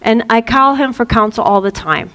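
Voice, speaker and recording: Animated woman giving a spiritual talk. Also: fairly high pitch, moderate pace, in a large hall. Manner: animated storytelling with playful acted-out quotes. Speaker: reverend and spiritual teacher.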